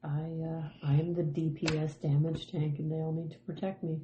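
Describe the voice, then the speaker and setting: A woman's voice: deep voice, level tone, normal speed, mellow. A woman from Canada co-hosts a casual podcast, frank and chatty, swearing casually. Her voice is recorded in an echoey room with a dull, muffled sound and faint noise behind it. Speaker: podcast co-host.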